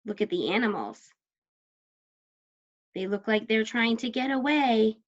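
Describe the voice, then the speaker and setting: A woman's voice: fairly high pitch, animated, unhurried, muffled recording. A woman teacher guiding children through a story with patient questions.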